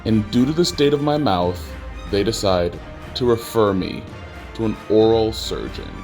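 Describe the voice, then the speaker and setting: A young man vlogging a storytime, animated and exasperated, his voice jumping up when he rants. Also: fairly low pitch, unhurried, soft background music. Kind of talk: storytime vlog.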